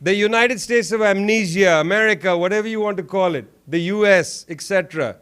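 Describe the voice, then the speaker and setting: A man's voice: high-pitched, a little fast, a bit bright, clear, resonant tone. A man giving a keynote at a political conference, emphatic and sarcastic, repeating lines for effect and joking with the audience in the room. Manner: jokes with the audience. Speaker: keynote speaker.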